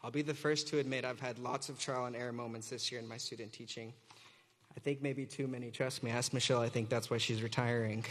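At a podium microphone in a large hall, a young graduating student teacher gives a commencement speech that is joking, warm and earnest, and he leads an audience cheer. His medium-pitched voice has fairly even intonation and a quick pace. The auditorium recording is reverberant with slight background noise.

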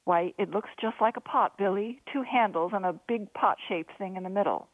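A woman voicing a young male sailor who answers in a deadpan, sly way. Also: medium pitch, moderate pace, dry recording, natural voice. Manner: deadpan replies. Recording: dry, phone-like narrow sound.

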